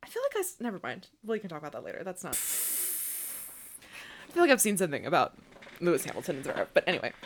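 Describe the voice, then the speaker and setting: A woman's voice: fairly low pitch, quick pace, pauses often, slight background noise. A young woman co-hosting a podcast, chatting playfully and laughing often. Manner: playful, laughing, lively intonation. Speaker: podcast co-host. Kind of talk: casual chat.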